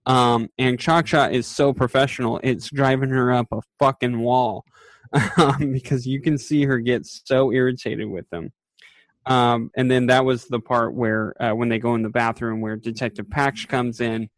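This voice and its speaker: A man's voice: medium pitch, no room sound. A man in casual podcast chat, recapping a TV episode in a rambling way, with lots of fillers and quoted lines acted out. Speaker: podcast co-host.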